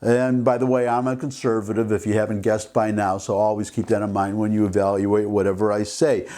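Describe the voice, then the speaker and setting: An older man hosting an opinion vlog, reading a news article aloud and commenting on it indignantly, with halting restarts. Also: lowish voice, little pitch movement, warm tone. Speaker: vlog host.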